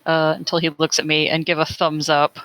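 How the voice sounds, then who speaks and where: A woman's voice: deep voice, little pitch movement, brisk, a bit bright, dry recording. A woman playing a tabletop game, stating her character's actions in a plain, matter-of-fact way. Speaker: player.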